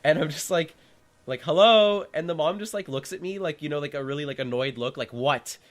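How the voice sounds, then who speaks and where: A man's voice: on the high side, fast talker. A young man hosting a podcast, telling a story animatedly and often laughing. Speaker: podcast host. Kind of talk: casual storytelling chat. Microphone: call audio.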